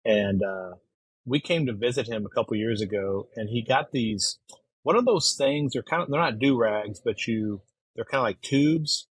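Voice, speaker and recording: A man's voice: mid-range voice, moderate pace, husky, no echo, poor audio. A man who is a guest on a podcast, chatting loosely and laughing easily. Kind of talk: casual chat.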